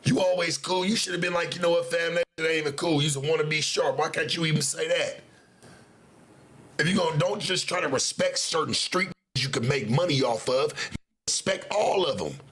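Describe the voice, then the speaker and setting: A man's voice: a little high, a little fast, fairly bright tone. A man hosting a livestream, ranting in confrontational, slangy street talk. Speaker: livestream host. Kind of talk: livestream rant.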